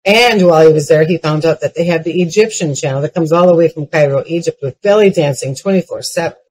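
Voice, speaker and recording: This comedic storytelling keynote comes from an older woman whose low voice has a breathy edge and a quick pace. Her lively anecdotes build to punchlines, with frequent restarts, on poor audio.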